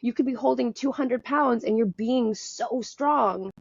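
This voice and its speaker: Woman guest rambling candidly, low gravelly voice, dry dull lo-fi sound. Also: a little slow, no echo. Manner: candid and rambling, laughs at herself. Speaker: podcast guest. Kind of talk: candid conversational storytelling.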